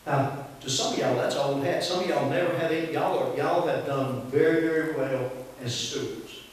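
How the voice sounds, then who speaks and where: Southern male pastor, slightly high voice, chatty preaching style, recorded far off with faint hiss. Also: moderate pace. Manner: folksy, conversational preaching with call-and-response. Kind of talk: sermon. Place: church sanctuary. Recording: echoey church hall from far off, faint hiss.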